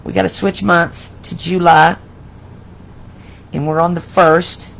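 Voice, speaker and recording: A middle-aged woman hosts a casual live craft tutorial, hoarse and losing her voice, talking in an effusive, emotional way with many restarts. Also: fairly low pitch, level tone, takes it slowly, rough recording. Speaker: host of a live crafting session.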